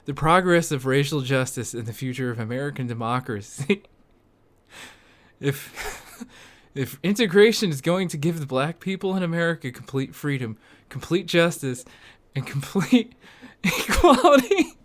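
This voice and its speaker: A man's voice: on the high side, very animated, moderate pace. A man co-hosting a podcast, reading a history book aloud, casual and swearing often. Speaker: podcast co-host.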